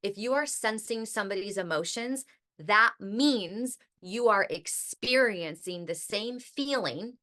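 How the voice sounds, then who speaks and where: A woman's voice: medium pitch, animated, measured pace, sharp tone. A woman hosting a podcast in a chatty, casual monologue, filling her talk with "like" and the odd swear word. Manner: chatty, heavy use of "like", occasional swearing. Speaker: podcast host.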